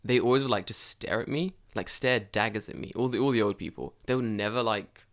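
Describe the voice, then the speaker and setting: Animated, swearing man with a London accent. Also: fairly low pitch, brisk. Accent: London English. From England. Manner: animated, profane, comic storytelling. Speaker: podcast co-host. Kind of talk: casual storytelling chat.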